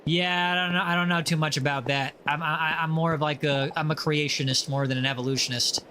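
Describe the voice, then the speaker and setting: Bright, high-voiced playful male streamer. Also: fairly even intonation, brisk, a little hiss or hum. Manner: playful, teasing, reads viewer messages aloud. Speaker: livestream host. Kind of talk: casual chat while gaming.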